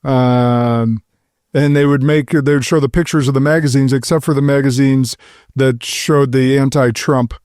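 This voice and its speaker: Host, male, middle-aged, earnest and measured, warm dark tone, dry close sound. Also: mid-range voice, steady tone, no room sound. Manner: earnest, measured, speaks as a father. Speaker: podcast host. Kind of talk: roundtable discussion.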